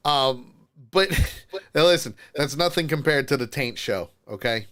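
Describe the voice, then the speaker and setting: Animated laughing male podcast host. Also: mid-range voice, takes it slowly. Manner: animated, laughs often, stammers restarts. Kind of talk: casual live call-in show chat.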